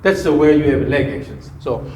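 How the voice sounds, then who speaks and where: A man's voice: fairly high pitch, fairly even intonation, moderate pace, a little mellow. A man giving a hands-on golf swing lesson, repeating cue phrases and humming the swing rhythm. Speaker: golf coach. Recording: echoey room, faint background noise.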